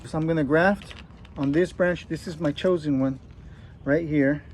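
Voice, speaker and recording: A man's voice: fairly high pitch, fairly even intonation, normal speed, darkish tone, a little hiss or hum. Chatty man with a put-on Australian accent. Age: 30s. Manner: chatty, joking, talks while working with his hands. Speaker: gardening vlogger. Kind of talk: casual how-to vlog. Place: outdoor garden.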